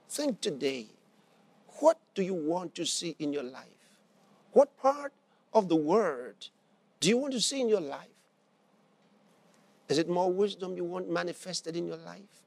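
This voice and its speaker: A man's voice: high-pitched, gravelly, a little mellow, husky, no room sound. A man preaching a sermon and telling a story, repeating his phrases for emphasis.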